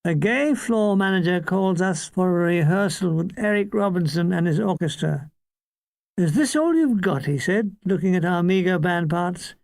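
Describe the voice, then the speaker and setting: An older woman reading a comic memoir aloud, with a dry, deadpan delivery. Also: fairly low pitch, normal speed, gravelly, hardly any pauses, no echo. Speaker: reader.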